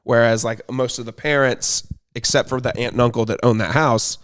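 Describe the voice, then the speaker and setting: Casting: young male podcast host, relaxed and rambling, easy laugher, conversational. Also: medium pitch, brisk. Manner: laid-back, rambling storyteller who laughs easily. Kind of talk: casual chat.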